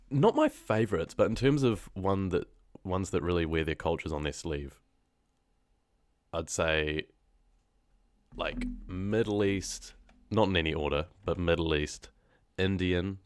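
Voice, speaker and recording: A man's voice: deep voice, no echo. A young man with a New Zealand accent, chatting casually and slangily with his live-stream viewers between horror story readings, often laughing.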